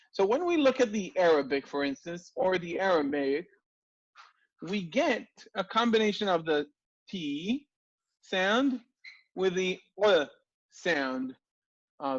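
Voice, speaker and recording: High-pitched guy teaching a class, lively, asks lots of questions, kinda muffled sound. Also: no echo. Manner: lively, asks rhetorical questions, frequent restarts. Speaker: language lecturer. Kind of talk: online class lecture.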